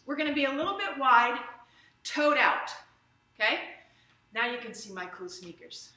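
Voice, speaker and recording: A high, bright woman talks a stretch and strength class through each move over a live stream. She is upbeat and chatty and wanders off on small asides. Her voice rings around an echoey room. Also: animated, normal speed. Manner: upbeat, chatty, drifts into tangents. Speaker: fitness instructor. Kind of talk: live online exercise class. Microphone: camera or phone streaming live. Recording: roomy echo.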